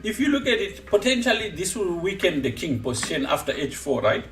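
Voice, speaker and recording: A chess coach on a stream, this man talks with a lively, swinging pitch. He laughs a lot as he explains moves. His voice rings in an echoey room with faint music behind it. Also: fairly quick, recorded from a distance. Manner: animated, laughs often while explaining. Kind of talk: live-streamed chess lesson.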